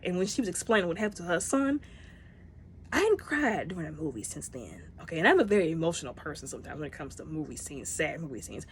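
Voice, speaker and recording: A woman casually reviewing a movie, chatty and emotional, talking straight to her viewers and acting out the characters' lines in quick bursts. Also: lowish voice, slight background noise.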